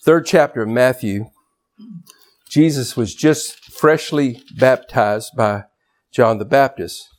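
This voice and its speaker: A man preaching a sermon as pastor, swinging from loud shouted emphasis to quiet, low asides. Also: slow pace.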